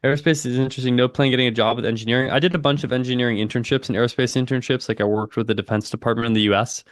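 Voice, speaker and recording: A young man in his twenties talks casually on a live trading stream. His voice sits at an ordinary middle pitch and is recorded close and dry. He tosses in slang and a steady stream of "dude" between market calls. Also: racing, no echo. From United States. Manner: laid-back slangy, says "dude" a lot, reads chat aloud. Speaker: livestream trading host. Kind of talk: casual livestream chat and market commentary.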